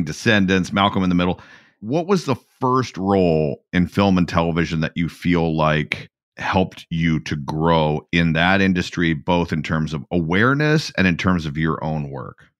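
Deep-voiced man hosting an interview. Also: a bit bright, no room sound, studio quality. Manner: brief reactive questions. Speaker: podcast host. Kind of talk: interview questions.

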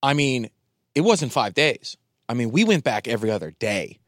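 Excitable slangy man on a dry mic. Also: mid-range voice, normal speed, dry recording. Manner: excitable, slangy, says dude a lot. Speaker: podcast co-host. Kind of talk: casual chat.

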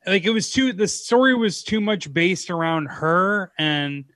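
Wry male guest, fairly high voice, dry deadpan quips, dry close-mic sound. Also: unhurried, no echo. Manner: dry, wry one-liners. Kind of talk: casual chat.

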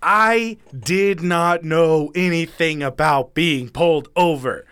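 A man's voice: on the high side, slow pace, fairly bright tone, clean tone, no echo. A man in his thirties telling a story in casual chat, swearing freely and acting out the other people in it.

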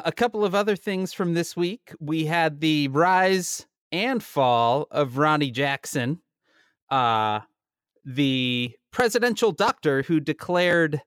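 A man with a fairly high voice co-hosts a casual talk show, trading wry, rambling remarks full of restarts. He is recorded close and dry, with no room sound behind him. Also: dry recording. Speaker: podcast co-host. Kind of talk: casual political chat.

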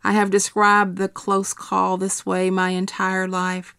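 A middle-aged woman reading her personal essay aloud in a quiet, measured, steady way. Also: mid-range voice, clear, resonant tone, no room sound, clean studio sound.

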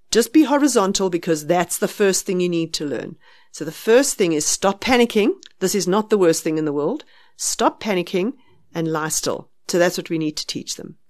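South African woman, lowish voice, firm practical sleep-advice explainer for a podcast. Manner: explains firmly, acts out soothing a baby in a hushed voice.

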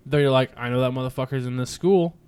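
A man in casual podcast chat, telling stories in a brash, profane, animated way. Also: medium pitch, fast, smooth.

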